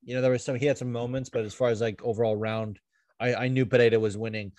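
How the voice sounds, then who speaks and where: A man co-hosting a podcast, speaking at a mid pitch. His delivery is loose and chatty. The recording is dry and close. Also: level tone, fast, darkish tone, dry recording. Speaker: podcast co-host. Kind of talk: casual chat.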